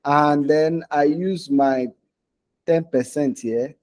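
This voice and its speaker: Speaking slowly with a slightly high, darkish voice and fairly even intonation, a man from Nigeria leads a casual live online design lesson. He talks over his screen clicks, regularly checking in with "okay?" and "right?".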